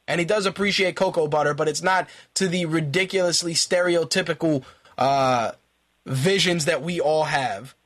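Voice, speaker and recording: A man with a high voice delivers ranting commentary as a radio host. His talk is profane and exasperated, and he fires off the same question again and again when he gets worked up. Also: fairly bright tone. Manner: repeats himself in angry bursts.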